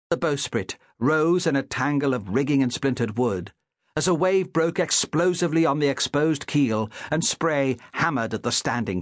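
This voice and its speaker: A male audiobook narrator telling the story dramatically, his pitch rising and falling freely across each sentence. The recording is dry and close, with no room echo. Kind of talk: scripted narration.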